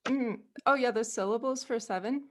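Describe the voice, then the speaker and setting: A woman's voice: a little high, moderate pace, a little hiss or hum. An American woman presenting an online music workshop on a video call, friendly and laughing often as she counts rhythms aloud. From United States.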